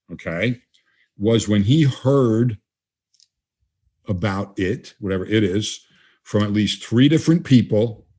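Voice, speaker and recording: A man's voice: lowish voice, a little mellow. An older man, a guest trainer, talking casually in an interview and acting out the dialogue he quotes in his stories. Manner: conversational, acts out quoted dialogue.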